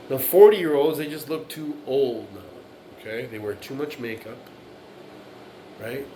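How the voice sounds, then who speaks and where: A man's voice: medium pitch, slight background noise, poor audio. A man in his late forties giving a blunt, profane monologue, repeating himself and often asking "right?". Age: 40s. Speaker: vlogger. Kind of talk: casual monologue to camera.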